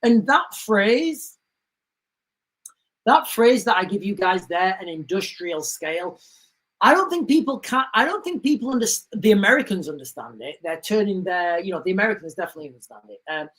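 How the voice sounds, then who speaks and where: A man's voice: high voice, normal speed, poor audio. Man, livestream host, casual commentary, emphatic, repetitive. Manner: emphatic, repetitive, animated storytelling with sound effects.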